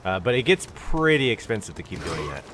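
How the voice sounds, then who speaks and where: A man's voice: lowish voice, big pitch swings, a little fast, background noise. A man with a stuffy nose giving casual, rambling commentary while he plays a game on a live stream. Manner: rambling, explanatory, with many fillers. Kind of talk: casual let's-play commentary.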